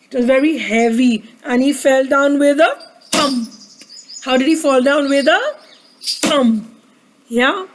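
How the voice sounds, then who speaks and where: A woman's voice: sits high, slow pace, long pauses, noisy background. A woman with a sore throat reading a picture book aloud to children, asking them to repeat words with her. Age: adult with a daughter. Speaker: storyteller for children.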